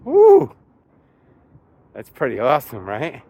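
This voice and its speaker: A man's voice: mid-range voice, animated, unhurried, dull audio. A man with a strong Long Island accent, telling a rambling story in a casual vlog while climbing a mountain outdoors, slightly out of breath. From New York. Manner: chatty, rambling, self-correcting storyteller. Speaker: poker vlogger.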